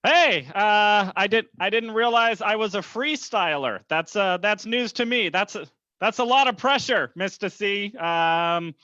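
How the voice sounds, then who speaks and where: A man comedian eases into his set, halting and self-deprecating. His voice is high and bright. The sound is dry and dull, like a lo-fi mic. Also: no echo. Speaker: stand-up comedian.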